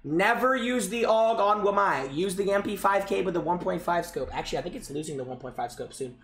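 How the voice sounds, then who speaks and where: A man's voice: high voice, expressive, a little fast, slight background noise. A young man streaming and coaching viewers' game clips, brash and profane, often repeating himself in exasperated outbursts. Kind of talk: live-stream game commentary. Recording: roomy echo with loud music behind.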